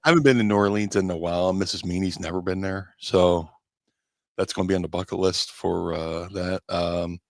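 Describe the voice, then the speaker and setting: Deep-voiced rambling storyteller man. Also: fairly even intonation, brisk, darkish tone, no room sound. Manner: rambling, self-deprecating storyteller. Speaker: podcast co-host, former wrestler. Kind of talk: casual storytelling chat. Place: home studio on a live stream.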